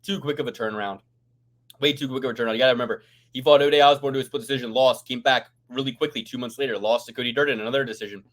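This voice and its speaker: A man's voice: medium pitch, steady tone, racing, fairly bright tone. A man co-hosting a fight-picks podcast, talking in a rambling, emphatic way and swearing freely. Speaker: podcast co-host. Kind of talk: casual fight-picks chat.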